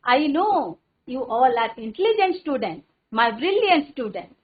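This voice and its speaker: High, lively Indian woman teacher. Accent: Indian English. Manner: encouraging, repeats phrases, recites tongue twisters fast. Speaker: headmistress teaching an English class. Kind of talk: online classroom lesson. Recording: narrow phone-like sound.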